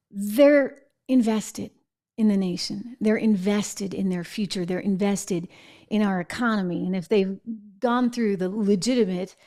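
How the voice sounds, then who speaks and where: A woman's voice: a little high, a little mellow. A middle-aged woman from New England hosting a political commentary show, talking emphatically and checking in with viewers. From New England, United States. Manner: emphatic, conversational, asks viewers "right?". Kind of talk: opinionated commentary.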